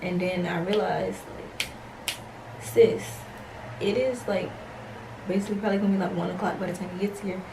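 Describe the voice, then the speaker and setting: A woman's voice: medium pitch, fairly even intonation, normal speed, pauses often, recorded from a distance, background noise. A young woman telling a rambling, slangy story to her camera at home at night. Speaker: vlogger. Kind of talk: casual story time.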